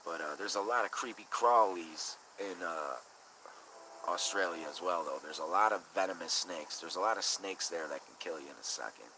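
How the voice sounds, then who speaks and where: A man with a very low voice hosts a casual live chat, drifting from topic to topic. He swears freely and reads viewers' comments aloud. Crickets and steady outdoor noise sit clearly in the background. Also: moderate pace. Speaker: live stream host.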